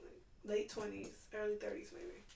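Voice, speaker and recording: A woman co-hosting a podcast, chatting casually and telling stories in an animated way. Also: mid-range voice, moderate pace, gravelly, roomy sound, distant mic, low-quality recording. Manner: animated storyteller, laughs often. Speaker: podcast co-host. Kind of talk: casual chat.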